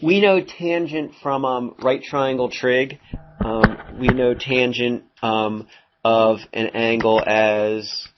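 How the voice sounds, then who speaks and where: A man's voice: medium pitch, slow pace, noisy background. Guy teaching math to a class, rambly and chatty, lots of ums, kinda dull lo-fi classroom audio. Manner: chatty, rambling, full of fillers and asides to students. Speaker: high school math teacher. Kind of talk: casual classroom lecture.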